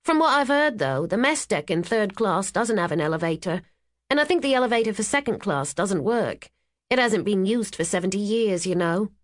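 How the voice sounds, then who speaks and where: A woman voicing a stern, sharp-tongued housekeeper in her fifties who talks in a blunt, grumbling way. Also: mid-range voice, expressive, normal speed, pitched above the performer's own voice, natural voice. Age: 50s.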